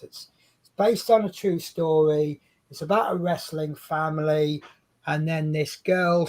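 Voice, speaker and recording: An English man co-hosting a casual livestream, talking in a relaxed, unhurried drawl with a slightly raised pitch for a man. He rambles from one thought to the next and keeps breaking off mid-sentence to restart, like someone at ease chatting to viewers from a home webcam setup. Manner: rambling, chatty, self-interrupting. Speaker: co-host.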